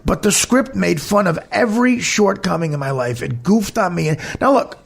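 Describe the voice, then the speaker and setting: Man, comedian podcast host, gravelly, husky, high, lively pitch, blunt and heated storytelling. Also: moderate pace. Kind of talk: candid personal storytelling.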